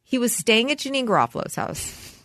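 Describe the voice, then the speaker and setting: A woman's voice: fairly quick, dry recording, clean studio sound. A middle-aged woman hosting a podcast, telling stories animatedly in a casual chat. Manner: animated storyteller, jumps high when quoting herself. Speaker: podcast host.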